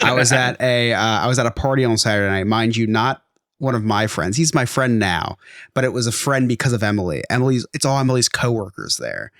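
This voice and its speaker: A man co-hosting a podcast in casual banter, turning loud and excitable when he argues. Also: fairly low pitch, no room sound, studio quality. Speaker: podcast co-host. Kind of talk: casual chat.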